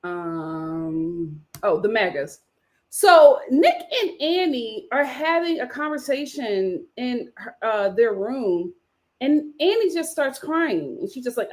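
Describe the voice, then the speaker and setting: A high-pitched woman talking through a reality dating show on a live stream, her voice leaping up and down as she makes her points. She is sassy and opinionated, often breaking into laughter, and sounds like a woman in her thirties. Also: very animated, unhurried. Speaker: reality TV reviewer. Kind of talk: casual live-stream commentary.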